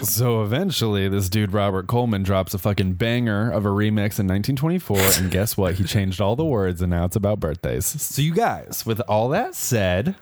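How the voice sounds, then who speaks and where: A man's voice: lowish voice, a little fast, hardly any pauses, noisy background. A young man hosting a comedy podcast, telling a history story with sarcastic, playful asides. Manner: sarcastic, playful, animated with exaggerated voices. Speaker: podcast host.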